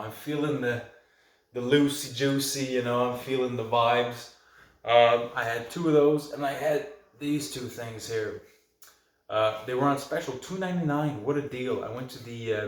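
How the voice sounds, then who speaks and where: A man hosting a casual video review, talking loosely to camera in a rambling, chatty way from a room at home. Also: medium pitch. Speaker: vlog host reviewing films and beer. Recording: echoey room.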